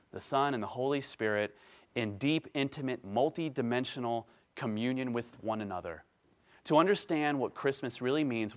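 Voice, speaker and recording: A man preaching a sermon, emphatic, climbing to excited peaks and then dropping to quiet, earnest stretches. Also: mid-range voice. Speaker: pastor.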